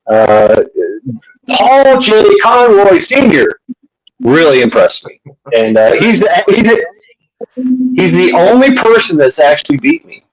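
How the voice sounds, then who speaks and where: A man hosting a casual livestream chat, profane and excitable, jumping into a high voice when quoting himself. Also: measured pace, pauses often, low-quality recording. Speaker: livestream host.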